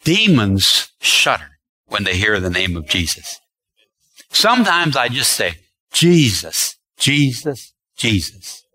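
A man's voice: lowish voice, wildly swooping pitch, a little slow, sharp tone, poor audio. A male preacher delivering a sermon, emphatic and repetitive, drawing out key words.

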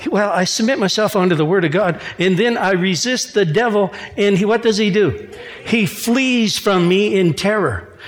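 A man with a high voice preaches in a church, moving between quoted scripture and relaxed, joking asides. His words ring out with a long echo from the hall around him. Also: normal speed. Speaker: pastor. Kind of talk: sermon.

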